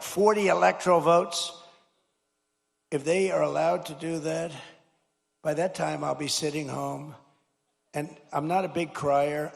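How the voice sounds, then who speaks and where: An older man giving a rambling, repetitive campaign-style speech at a podium microphone, rising to shouted slogans. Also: fairly high pitch, gravelly. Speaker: political speaker. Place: large hall at a high school. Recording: reverberant hall.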